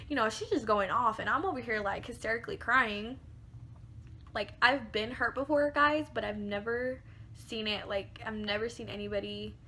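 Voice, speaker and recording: A woman's voice: on the high side, bright, forceful tone. A young woman telling a personal story to her viewers in a chatty way, full of fillers and casual swearing. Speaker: beauty vlogger. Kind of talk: storytime vlog.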